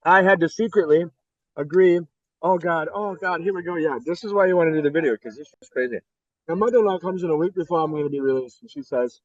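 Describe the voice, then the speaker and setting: A man's voice: on the high side, fast talker, no room sound. A middle-aged man from the United States recounts his story as an interview guest, blunt and profane, acting out the other people in it as he goes. The recording is dull and lo-fi, and dry with no room sound. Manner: blunt, profane, animated retelling. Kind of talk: candid storytelling.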